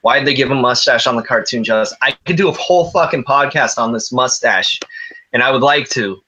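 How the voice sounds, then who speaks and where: A man's voice: mid-range voice, brisk, bright, forceful tone, a little hiss or hum, low-quality recording. A man co-hosting a podcast, joking and cursing in casual banter. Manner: joking, profane, teasing. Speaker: podcast co-host.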